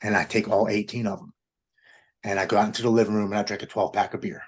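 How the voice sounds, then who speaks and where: A man in his forties from Maryland recounts his testimony to an interviewer. His voice sits on the low side and has a husky edge. He tells the story earnestly and with feeling, often quoting his own past thoughts aloud. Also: steady tone, fast talker. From Maryland, United States. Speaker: guest telling his testimony.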